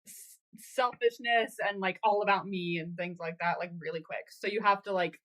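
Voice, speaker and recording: Lively woman reacting on a podcast. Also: medium pitch. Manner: quick reactions, swearing and laughing. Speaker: podcast co-host. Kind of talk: casual recap chat.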